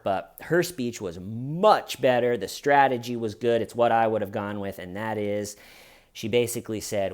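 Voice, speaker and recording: A man's voice: lowish voice, moderate pace. Sarcastic man giving true crime commentary. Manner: sarcastic, mocking asides. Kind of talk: casual commentary.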